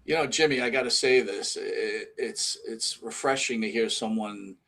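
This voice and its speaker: A male co-host with a lowish voice leads the conversation excitably. He often stumbles and restarts his sentences. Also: normal speed, vocal fry. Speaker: podcast co-host. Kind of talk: conversational interview.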